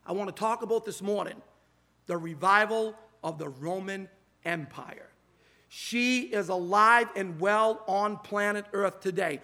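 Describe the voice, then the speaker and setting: Male preacher at a pulpit, tense high voice, drawn-out emphatic sermon. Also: pushed and bright. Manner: emphatic, drawn-out preaching delivery with scripture quotes. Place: church sanctuary, at a pulpit. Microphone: pulpit mic.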